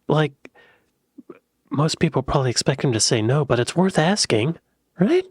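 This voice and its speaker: American guy reacting to clips, husky voice, bouncy pitch, jokey, dry close sound. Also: lively intonation, normal speed, dry recording. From United States. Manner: chatty, jokey, says y'all. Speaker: reaction video host. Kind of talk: casual reaction commentary.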